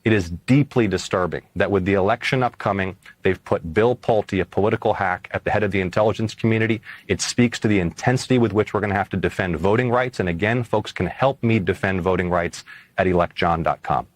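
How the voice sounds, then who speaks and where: Urgent low-voiced male politician. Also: brisk, dry recording. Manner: earnest, urgent and forceful. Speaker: senator and candidate. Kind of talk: broadcast interview answer.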